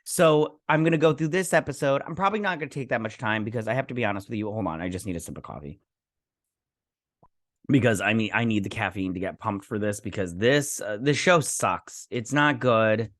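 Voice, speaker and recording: A man's voice: fairly low pitch, animated, brisk, a bit bright, dry recording, studio quality. A man hosting a TV episode review channel, talking casually in a frustrated, rambling way full of fillers and restarts.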